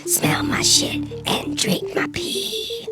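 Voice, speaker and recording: A woman voicing a tiny male mouse rock star in an improvised comic rap, sing-song with shouted bursts. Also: takes it slowly, whispered, natural voice. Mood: rapping. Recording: loud music behind the voice.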